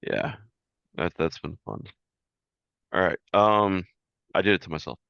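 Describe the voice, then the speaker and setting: A man's voice: low-pitched, lively intonation, measured pace, creaky, smooth, no echo. A man running a tabletop game as game master, talking casually out of game and swearing easily. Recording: dull, dry lo-fi sound.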